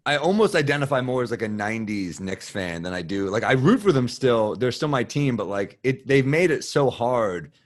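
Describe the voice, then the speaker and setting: A man's voice: medium pitch, very animated, moderate pace, hardly any pauses. Male podcast guest with a mid-range voice who rambles loosely and swears a lot. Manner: rambling, loose and profane, full of "like". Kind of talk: casual chat.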